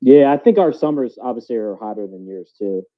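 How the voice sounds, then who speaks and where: A man hosting a casual podcast chat, animated and loose, swearing freely and restarting his sentences. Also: medium pitch, fairly quick. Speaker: podcast host. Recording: dull lo-fi audio.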